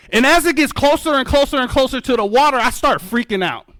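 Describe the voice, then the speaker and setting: Excitable high-voiced man telling a story. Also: quick pace, hardly any pauses, dry recording. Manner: excitable, addresses audience as folks, acts out his own reactions. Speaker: keynote speaker and birder. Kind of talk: animated storytelling talk. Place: museum event hall.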